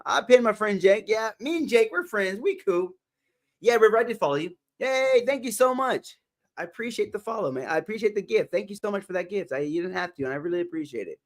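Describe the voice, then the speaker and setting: A man's voice: sits high, a little fast. A man hosting a live motivational stream, greeting viewers by name in an upbeat, chatty way and laughing often. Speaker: livestream motivational host. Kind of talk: live stream chat reading. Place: home livestream setup.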